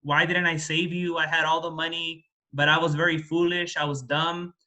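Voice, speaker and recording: A man's voice: on the high side, lively intonation, moderate pace, bright, forceful tone, slightly rough, heavily acted. A man telling it as a grieving, remorseful father. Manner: lamenting, self-reproaching, then scolding.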